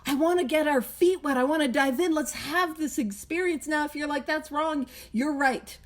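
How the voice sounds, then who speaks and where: A woman from Canada with a high voice speaks at a recovery meeting. She talks conversationally, with plenty of self-deprecating jokes. She comes through a video call. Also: fairly quick.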